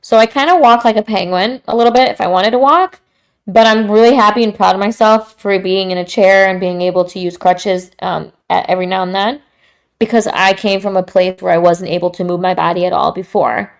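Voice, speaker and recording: A woman hosts a podcast in a loose, casual way. Her speech is slangy, candid and straight to the point, and her voice sits at a middle pitch. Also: steady tone, fairly quick, creaky. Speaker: podcast host. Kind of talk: casual talk.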